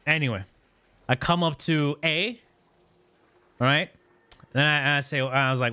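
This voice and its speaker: A man in his thirties spins a personal story for his stream chat in a loose, slangy voice, cursing freely and tossing in "right?" after nearly every point. His voice sits fairly high and rings very bright and forward. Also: unhurried, long pauses, clear, resonant tone. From Canada. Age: 30s. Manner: animated, slangy, profane, repeats "right?".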